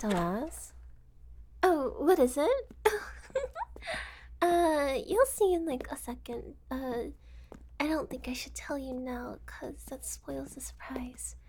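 A woman's voice: high-pitched, darkish tone, slight background noise. A young woman voicing a cheerful, unhinged kidnapper who giggles, teases and keeps reassuring her guest. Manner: giggly, teasing, falsely reassuring. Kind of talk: amateur audio role-play.

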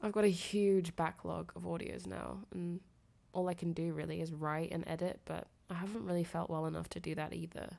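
A young woman, sick and nasal with a fever, talking softly and intimately in a girlfriend phone-call role-play, often giggling and trailing off. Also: on the low side, fairly even intonation, a little fast, gravelly, few pauses. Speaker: audio creator.

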